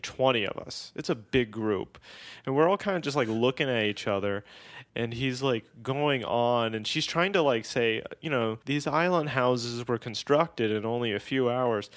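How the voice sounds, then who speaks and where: A man's voice: mid-range voice, moderate pace. A man co-hosting a podcast, telling a travel story in casual chat, swearing and laughing often. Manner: animated, profane, laughs often. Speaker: podcast co-host.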